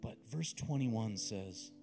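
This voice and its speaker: A male preacher with a mellow, warm voice leads a guided visualization in a sermon. He speaks slowly and intimately, with dramatic weight, over faint music playing behind him. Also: fairly low pitch, lively intonation, gravelly. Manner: slow, intimate, dramatic delivery.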